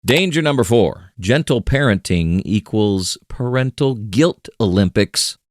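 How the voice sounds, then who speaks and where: A man's voice: lowish voice, animated, a little slow, dry recording, studio quality. A man giving scripted comedic narration in a wry, punchy way, with sarcastic asides. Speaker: explainer narrator.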